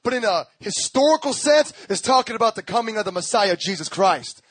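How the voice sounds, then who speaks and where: A young man preaching a lively sermon, telling stories, acting out voices and laughing often, with a repetitive, rhythmic emphasis. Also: high-pitched, brisk, no echo.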